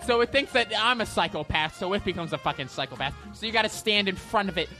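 A woman's voice: mid-range voice, expressive, quick pace, loud music behind the voice, close to an everyday voice. A woman voicing a foul-mouthed, hotheaded man who rants nonstop and laughs like a maniac. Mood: ranting. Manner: constant swearing, ranting, manic laughter. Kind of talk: comedy character monologue.

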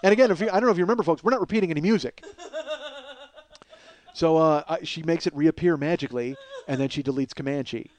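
A man hosting a podcast, telling a long story in a casual, animated way, swearing and acting out what people said. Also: fairly high pitch, fast. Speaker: podcast host.

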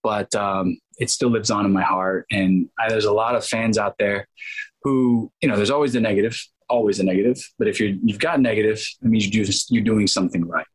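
Husky, low-voiced man telling stories. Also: brisk, rough recording. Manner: animated, acts out quoted dialogue; rambling with restarts and fillers. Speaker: guest actor. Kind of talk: casual interview storytelling.

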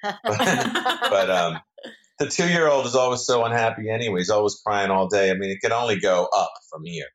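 Deep-voiced man chatting as a guest. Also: lively intonation, moderate pace, a bit bright. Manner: rambling, with many restarts and fillers. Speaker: soap opera actor guest. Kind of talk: casual interview chat.

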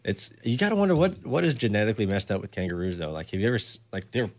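Man in casual chat, very low voice, rapid delivery, blunt and joking. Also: sing-song. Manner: blunt, joking, rough language.

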